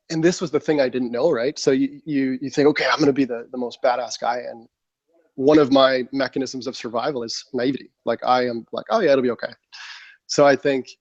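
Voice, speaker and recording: This mid-range male voice belongs to a veteran in his thirties, guesting on a podcast and telling a lengthy tale in relaxed talk. He performs the lines he once said and scatters fillers throughout. It's captured dry on a somewhat muffled studio microphone.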